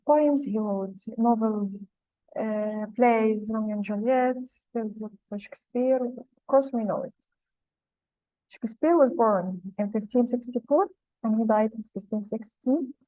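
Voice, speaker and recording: A woman's voice: medium pitch, dark tone, no echo. A woman teaching a poetry lesson, patiently explaining terms and repeating key points. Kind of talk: classroom lesson. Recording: dull lo-fi sound.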